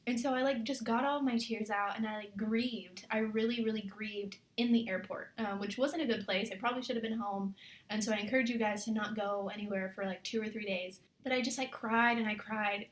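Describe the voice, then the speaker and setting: A woman's voice: medium pitch, roomy sound. A young woman vlogging about life as a military spouse, talking in a chatty, earnest way full of fillers and giving encouragement. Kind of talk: casual confessional vlog.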